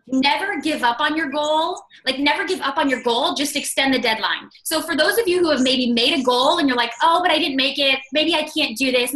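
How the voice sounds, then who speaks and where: A woman's voice: sits high, sharp tone, poor audio. A woman in her thirties telling her personal success story on a call, chatty and upbeat, with many "like"s and "you guys". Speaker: guest speaker.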